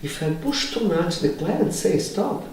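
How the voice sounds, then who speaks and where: A man, a body psychotherapist, answering interview questions animatedly in halting English full of "you know". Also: sits high, sing-song. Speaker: body psychotherapist and training lecturer. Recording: roomy, distant mic, faint background noise.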